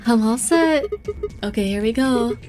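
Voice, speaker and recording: A woman streaming a game, chatting along casually with excitable energy and a habit of swearing. Her voice sits fairly high. Soft game music plays in the background. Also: a little slow. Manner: excitable, swears and laughs often. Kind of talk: casual gameplay commentary.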